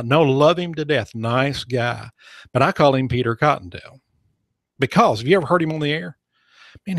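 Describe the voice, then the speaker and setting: A man's voice: mid-range voice, dry recording. A man hosting a talk radio show, rambling and joking sarcastically into a studio microphone. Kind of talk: opinionated talk radio monologue.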